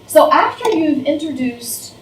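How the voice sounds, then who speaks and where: A middle-aged woman teacher lectures other teachers, acting out speech sounds as she explains them. Her voice sits a little high. She was recorded from a distance in an echoing room with a faint hiss underneath. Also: sing-song, a little slow. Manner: explains with demonstrations, overemphasizes sounds. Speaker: first grade teacher. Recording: roomy, distant, faint noise.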